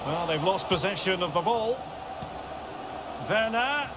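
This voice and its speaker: A man doing play-by-play football commentary for a video game, with measured calls that build to excited shouts. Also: sits high, very noisy. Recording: loud crowd and game sound under the voice.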